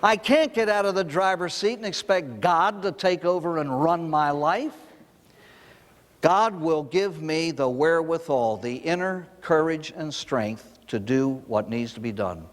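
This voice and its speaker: A long reverb tail follows an older priest whose voice sits on the high side and moves a little slowly. Giving a recovery talk to an audience, he's animated, telling stories and asking rhetorical questions.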